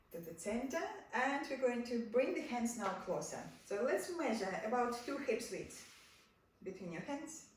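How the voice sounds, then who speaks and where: Gentle yoga teacher woman in an echoey room. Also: fairly high pitch, a little hiss or hum. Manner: gentle, repeats soft cues. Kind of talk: guided yoga class instruction. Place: home room. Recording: echoey room, far from the mic, faint background.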